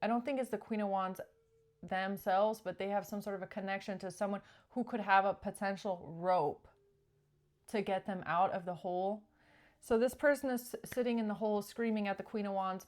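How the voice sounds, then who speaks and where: A woman's voice: mid-range voice, steady tone, normal speed. A woman doing a casual tarot reading, chatty and acting out pleading quotes along the way. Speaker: tarot reader.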